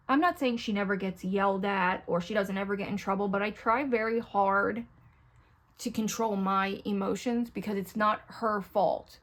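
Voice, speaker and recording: A middle-aged woman chatting candidly to her viewers at home while she does her makeup, rambling and talking to them directly, close to the camera. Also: medium pitch. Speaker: beauty vlogger. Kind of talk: casual get-ready-with-me chat.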